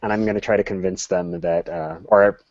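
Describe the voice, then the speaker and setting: Low-voiced man playing a tabletop game. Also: steady tone, brisk, a little mellow, dry recording, lo-fi sound. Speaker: player. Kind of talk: tabletop role-play.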